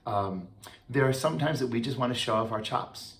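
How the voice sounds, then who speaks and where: A man, a choral conductor, giving a relaxed and chatty talk, with many fillers and restarts. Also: mid-range voice, moderate pace. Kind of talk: informal talk.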